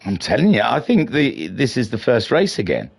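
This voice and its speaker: A man's voice: medium pitch, wildly swooping pitch, normal speed, creaky, slightly rough. A middle-aged man hosting a racing league stream in a chatty, self-mocking, slightly flustered way. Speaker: league race stream host. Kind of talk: casual live-stream race commentary.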